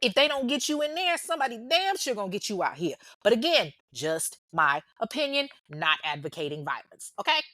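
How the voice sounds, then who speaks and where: A woman's voice: a little high, very animated, a little fast, few pauses, pushed and bright, no echo. A woman hosting a true crime podcast, talking casually and bluntly to her listeners, swearing freely and calling them y'all. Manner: chatty, informal, addresses listeners as y'all. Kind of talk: casual podcast chat and outro.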